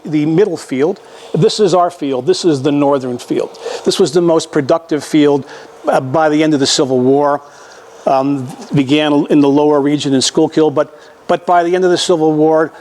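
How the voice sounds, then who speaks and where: A man's voice: on the high side, darkish tone. An older man giving a folksy, conversational public history lecture to an audience, with many restarts and repetitions.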